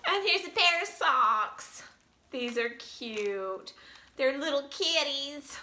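Bright, high-voiced gushing woman vlogger. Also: expressive, slow pace, roomy sound. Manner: gushing and emotional, near tears. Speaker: vlogger opening fan mail. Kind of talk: casual chat.

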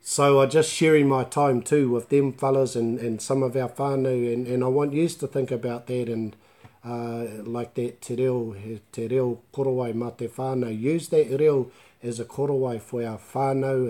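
A man teaching Māori in a relaxed live online class, mixing Māori words into chatty English and joking with viewers. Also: medium pitch, moderate pace. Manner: laughs easily and jokes with viewers.

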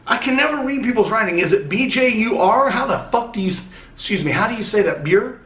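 Chatty high-voiced man opening fan mail. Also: expressive, brisk, sharp tone. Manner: chatty, rambling, swears casually. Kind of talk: casual chat. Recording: echoey room.

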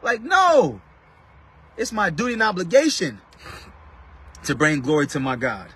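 Male street preacher, husky, fairly high voice, fervent casual delivery recorded in a car. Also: sing-song, normal speed, fairly bright tone. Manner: emphatic, calls out to viewers by name. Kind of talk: casual live-stream preaching.

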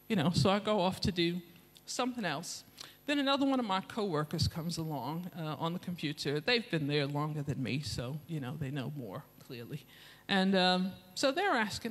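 A woman's voice: fairly low pitch, moderate pace, big-room sound. A woman preaching as a guest speaker with an English accent, telling a confessional story from her own life and acting out the voices in it. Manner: confessional, animated storytelling with acted-out quotes. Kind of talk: sermon with personal story. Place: church hall.

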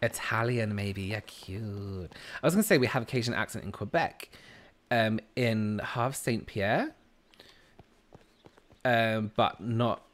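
A British gamer chats slowly and casually on stream, replying to viewers while he plays. His voice sits lowish and carries a bit of brightness.

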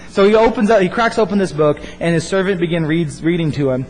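Male youth pastor, high-pitched and lively, echoey hall, faint hum behind. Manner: animated, acts out characters' lines in quick voices. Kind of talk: sermon retelling a Bible story.

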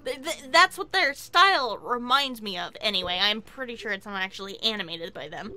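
A woman chatting casually while playing a video game, excitable and quick to swear and laugh. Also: mid-range voice. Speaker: game streamer. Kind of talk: casual gameplay commentary.

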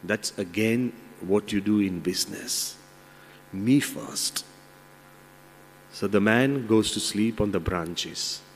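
A man's voice: lowish voice, takes it slowly, pauses often, slight background noise. A man, a monk and motivational speaker, telling a fable with moralizing asides. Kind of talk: motivational talk with a told fable. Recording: long hall reverb.

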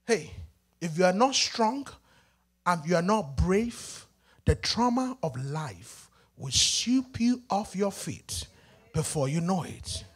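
A male pastor with a Nigerian accent preaching a sermon in a church, moving between hushed passages and shouted, sing-song calls to the congregation. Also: sits high, sing-song, slow pace, breathy edge.

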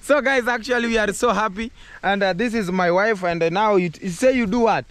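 A Kenyan man vlogging outdoors on his farm, talking excitedly in English mixed with Swahili. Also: sits high, fairly quick, smooth, no room sound. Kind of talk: casual farm vlog.

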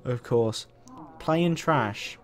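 A young man casually commentating his gameplay, swearing a lot, getting excited and reading game options aloud. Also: medium pitch, extremely slow, music in the background. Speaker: let's play host.

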